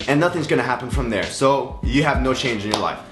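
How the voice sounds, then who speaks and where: A man's voice: medium pitch, animated, fast. A young man giving a casual, goofy Bible lesson, full of sound effects and silly voices. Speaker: youth Bible teacher. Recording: echoey room with faint music.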